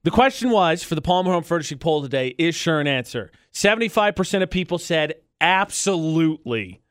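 Animated, teasing male radio co-host. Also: a little high, a little fast, clean tone, no room sound, studio quality. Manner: playful, teasing, argumentative. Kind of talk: casual morning radio banter. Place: radio studio.

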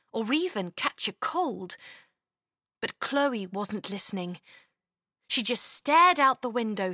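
A woman narrating a children's storybook in an expressive, lilting way, close to a studio mic. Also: fairly high pitch, no echo.

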